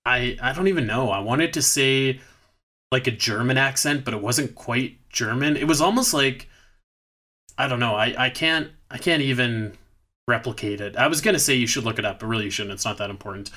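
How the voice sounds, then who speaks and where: A man's voice: mid-range voice, fairly quick, bright, forceful tone. A man co-hosting a podcast, recapping a bad movie in rambling, profane, sarcastic casual chat.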